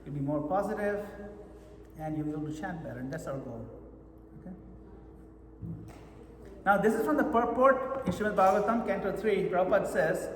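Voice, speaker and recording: A japa retreat teacher coaches a meditation workshop in a retreat hall, often confirming his listeners follow along. His high, expressive voice is brisk but broken by long pauses, and the recording carries long hall reverb plus a little hiss or hum.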